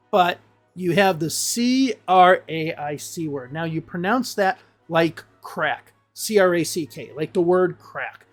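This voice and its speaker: A woman's voice: low voice, darkish tone. A woman English teacher giving casual reaction commentary, blunt and exasperated and swearing freely.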